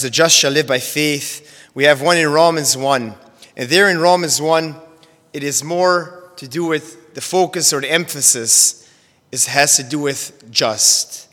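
A man teaching a sermon on Bible verses, measured and careful, often repeating and restarting phrases as he explains. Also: on the high side, a bit bright. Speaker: preacher. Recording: long hall reverb.

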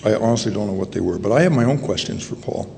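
Gravelly, halting preacher in an echoey hall. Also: male voice, fairly low pitch, expressive, darkish tone. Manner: halting, searching for words, with many fillers and restarts. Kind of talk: sermon. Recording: long echo in a hall, faint ambient noise.

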